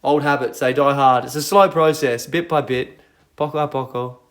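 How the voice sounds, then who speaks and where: A man's voice: medium pitch, normal speed, fairly bright tone. A young man hosting a casual phone livestream, rambling playfully and reading out viewer comments. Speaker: livestream host.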